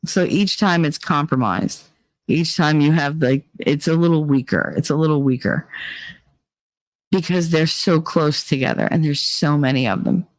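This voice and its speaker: A woman's voice: sits low, expressive, normal speed, no room sound. Woman streamer talking straight to chat, kinda tired voice, jokey and frank, super dry close sound. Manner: candid, joking, drifts between reading chat and musing aloud. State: tired, voice worn. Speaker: livestream host reading chat. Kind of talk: casual livestream chat.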